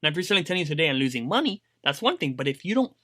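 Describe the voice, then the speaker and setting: A man's voice: on the high side, racing, no echo. A man talking casually and animatedly to camera, giving business advice and acting out little quotes. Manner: animated, conversational, acts out quotes, many fillers. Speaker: online seller and business coach.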